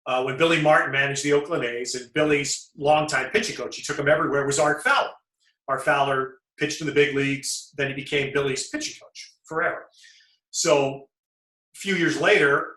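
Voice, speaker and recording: A man hosting a sports talk show, trading baseball stories in an animated way and laughing often. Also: fairly high pitch. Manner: animated, laughing, quick to jump into his own story. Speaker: sports broadcaster host. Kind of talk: conversational storytelling in a talk show. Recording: echoey room.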